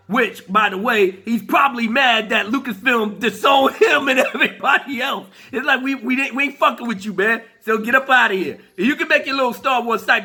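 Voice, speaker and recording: Male vlogger, very high, husky, animated voice, profane rant full of mocking laughs. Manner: laughs often, mocking, stammers on restarts. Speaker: commentary vlogger.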